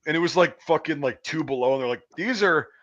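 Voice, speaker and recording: A man's voice: a little high, fast talker. A man telling stories in casual banter, rambling and swearing freely with laughs. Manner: rambling, profane, laughing storyteller. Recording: dull lo-fi sound.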